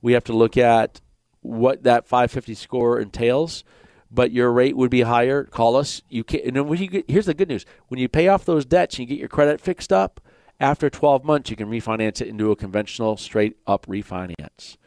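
A man's voice: mid-range voice, moderate pace, darkish tone, no echo. Man with a Michigan accent hosting radio. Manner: plainspoken, joking between explanations. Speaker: radio mortgage show host. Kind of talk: explaining mortgages on a radio talk show. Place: radio studio.

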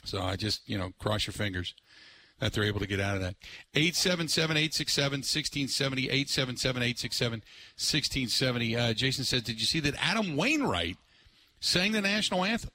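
Broadcasting sports talk radio live from a remote location, this man rambles with excitement and scatters filler words throughout. His bright, forceful voice sits in the mid range, and he talks fairly quickly.

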